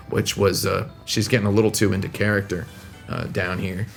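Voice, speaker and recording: A man's voice: fairly low pitch, steady tone, moderate pace, gravelly, faint music behind. Rambling man telling stories on a stream. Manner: rambling, self-interrupting, laughing at own jokes. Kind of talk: casual live-stream storytelling. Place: hotel room. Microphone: laptop microphone.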